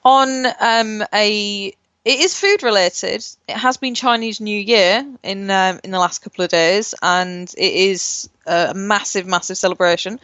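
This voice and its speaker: A woman's voice: medium pitch, measured pace, hardly any pauses, a bit bright, clean tone, no echo, lo-fi sound. A woman co-hosting a casual podcast, rambling with lots of fillers and swearing freely. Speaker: podcast co-host. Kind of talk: casual chat.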